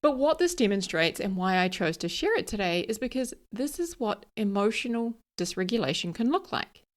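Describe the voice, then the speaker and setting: A woman in her thirties hosting a solo podcast, chatty and candid, laughing at herself and searching for words. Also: mid-range voice. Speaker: podcast host. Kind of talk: casual solo podcast talk.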